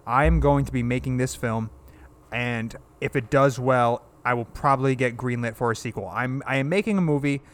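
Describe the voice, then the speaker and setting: A man's voice: medium pitch, moderate pace. Blunt, opinionated young-sounding man. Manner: blunt, opinionated, swears, laughs a lot. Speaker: podcast co-host. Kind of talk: casual chat.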